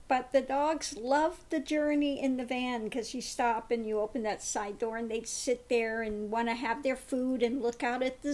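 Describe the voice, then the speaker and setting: A woman's voice: a little high, darkish tone. A woman giving a spiritual tarot card reading in a meandering way, often laughing. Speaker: tarot reader.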